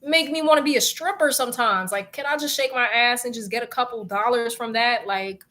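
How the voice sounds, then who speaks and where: A young woman speaks with in a bright, tense voice that sits a bit high. She chats casually to her viewers. She rants in an animated, exasperated way and swears freely. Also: a little fast. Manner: animated, profane and exasperated ranting. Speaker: vlogger.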